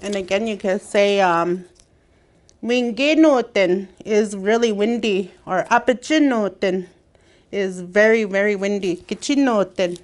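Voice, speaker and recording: A woman teaching a language lesson, repeating each word slowly and clearly for learners to copy. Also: mid-range voice. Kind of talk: slow classroom language lesson.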